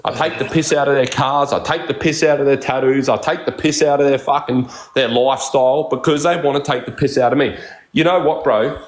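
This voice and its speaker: A man's voice: medium pitch, steady tone, a little fast, echoey room, low-quality recording. A man with an Australian accent ranting on a live stream, crude and defensive, swearing constantly. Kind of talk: heated live-stream rant.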